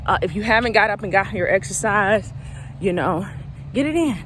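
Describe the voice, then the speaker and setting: A woman's voice: mid-range voice, animated, moderate pace, fairly bright tone, a little hiss or hum. A woman coach, a little out of breath, giving an emphatic, preachy motivational talk that repeats its points. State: slightly out of breath. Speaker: recovery coach. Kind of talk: motivational direct-to-camera talk.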